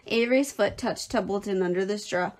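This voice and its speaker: A woman teacher reading a children's novel aloud in a clear, expressive storytelling voice. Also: mid-range voice, moderate pace.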